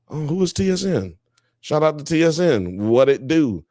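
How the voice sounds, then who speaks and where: A man's voice: medium pitch, expressive, a little slow, mellow, dry recording, studio quality. A man hosting a live show, reading chat comments and joking around in a loose, profane, casual way.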